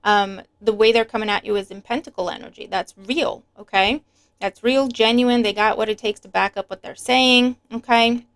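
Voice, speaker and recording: A woman's voice: fairly high pitch, fairly even intonation, normal speed. A woman giving a casual tarot reading to her viewers, chatty and emphatic, sometimes breaking into a rant. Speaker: tarot reader.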